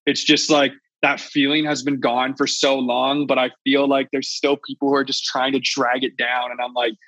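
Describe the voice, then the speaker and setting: A man's voice: medium pitch, little pitch movement, normal speed, a bit bright, no echo. A man who produces music, a guest on a podcast, rambling casually with lots of filler and losing his thread. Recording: dull dry lo-fi sound.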